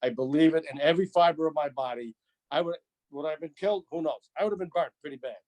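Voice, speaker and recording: A retired firefighter tells an old story in an interview. His voice sits a little high for a man. He talks in animated runs and repeats himself as he builds the scene. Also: fast talker. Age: 60s.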